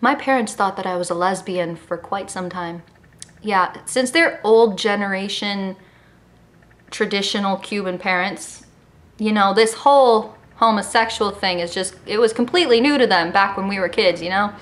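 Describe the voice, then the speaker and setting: A woman's voice: medium pitch, moderate pace. A woman in her early twenties from Miami, with a slight Miami accent, talking to a camera at home in a sassy, joking, casual way. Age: early 20s. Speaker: vlogger. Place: home in California. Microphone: camera mic.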